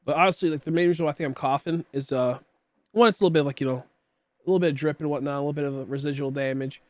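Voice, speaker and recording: Man in his late 20s, game streamer, rambling casual chat, slightly high voice, coughing, dry close mic. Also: steady tone, racing, a little mellow, dry recording. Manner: rambling and chatty, with many fillers. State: coughing, throat tickly.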